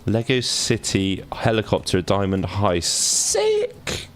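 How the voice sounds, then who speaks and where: A man's voice: deep voice, moderate pace, soft background music. A man streaming a game, chatting casually and joking while reading the game's text aloud. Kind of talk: casual gaming commentary.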